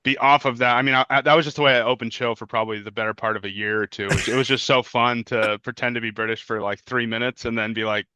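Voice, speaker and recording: Male comic guest, low bright clear voice, loose and chatty, dry slightly dull mic. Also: flat delivery, fast, few pauses, dry recording. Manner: easygoing, lots of "yeah" and "like", laughs. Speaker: comedian guest. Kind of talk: casual interview chat.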